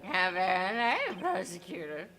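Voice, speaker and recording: A woman voicing a stern elderly male judge in a fan dub of a game, formal and deliberate in a lowered voice. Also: big pitch swings. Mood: solemn. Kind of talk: fan voice acting over a game.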